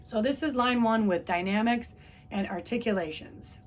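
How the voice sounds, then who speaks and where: A woman's voice: on the high side, normal speed. A woman music teacher giving a patient, step-by-step trumpet lesson, counting beats aloud. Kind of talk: instrument lesson video.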